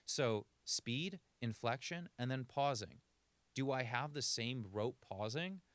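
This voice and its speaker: A man's voice: medium pitch, animated, slow pace, fairly bright tone, no echo. A man working as a communication coach, giving practical advice in a podcast interview and shifting his pace to demonstrate. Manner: coaching, illustrative, varies speed for demonstration.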